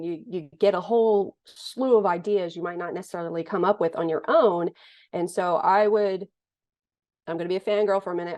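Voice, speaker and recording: A woman in her forties from the United States, a thriller author who answers interview questions in a casual, joking, self-deprecating way. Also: fairly low pitch.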